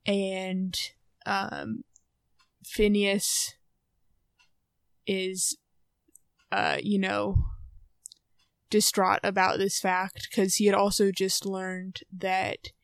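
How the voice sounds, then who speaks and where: Slow, rambling young woman podcaster. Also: mid-range voice, little pitch movement, smooth, no echo. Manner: rambling, hesitant with many fillers. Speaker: podcast co-host. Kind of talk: casual book discussion.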